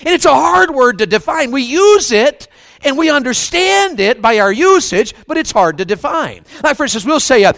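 A man's voice: very high-pitched, very animated, normal speed, creaky, fairly bright tone, no echo. A man with a Southern US accent preaching a fervent revival sermon, often putting questions to the congregation. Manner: fervent, asks the crowd questions.

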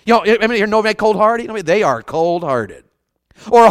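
A man's voice: high voice, expressive, moderate pace, no echo. A man with a Southern US accent preaching a fervent revival sermon, often putting questions to the congregation. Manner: fervent, asks the crowd questions.

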